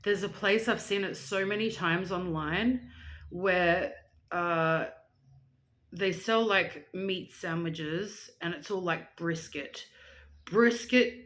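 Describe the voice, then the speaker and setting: Young woman vlogger with a lowish voice, chatty and goofy, easygoing pace. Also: slow, fairly bright tone. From Australia. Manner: chatty and playful, with silly asides and rambling tangents. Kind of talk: casual chat reading out viewer shoutouts.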